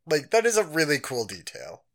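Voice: mid-range voice, wildly swooping pitch, moderate pace. A podcast co-host in casual chat who stammers and laughs a lot.

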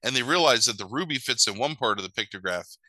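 A man's voice: mid-range voice, animated, fast, pushed and bright, no echo, low-quality recording. A man casually retelling a movie plot, swearing and acting out the characters' lines in mock voices. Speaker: podcast host recapping a movie. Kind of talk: casual chat.

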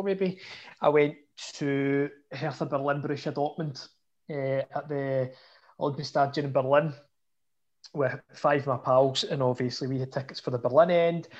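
A man's voice: a little high, unhurried. Scottish man telling a story, muffled sound. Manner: chatty, self-mocking, animated retelling. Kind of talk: casual storytelling. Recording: dull lo-fi audio.

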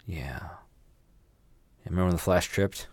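A man's voice: deep voice, measured pace, a little mellow, no echo. A man co-hosting a podcast in casual chat, animatedly retelling stories and acting out scenes in silly voices. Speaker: podcast co-host.

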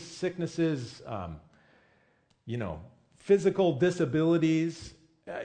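Man, pastor, sermon, conversational, rhetorical questions, animated pitch. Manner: casual with frequent "I mean" and "you know".

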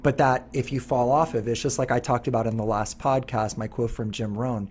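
A middle-aged man in casual podcast chat, earnest and a little rambling. He restarts his sentences often, and his voice carries a husky, breathy texture. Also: mid-range voice, fairly even intonation, a little fast, few pauses, a little mellow. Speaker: podcast host.

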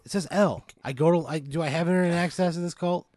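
A man's voice: fairly high pitch, steady tone, fast talker, a little mellow, dry recording. A young man on a comedy podcast, reacting with mock despair and constant swearing as he plays along. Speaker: podcast co-host answering the hypothetical. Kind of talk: improvised comedic banter.

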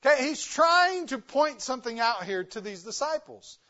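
Preaching as a guest missionary in a church, a man poses rhetorical question after rhetorical question, changing his loudness for stress in an emphatic delivery. His voice is extremely high and sing-song at a normal speed, heard through lo-fi sound.

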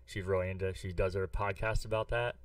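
A man from the US Midwest rambles through a long story on a podcast, swearing freely as he goes. His voice sits on the low side. It sounds dry and a little removed from the microphone. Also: steady tone, fairly quick, clean tone, no echo, far from the mic. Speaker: podcast co-host. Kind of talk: casual chat.

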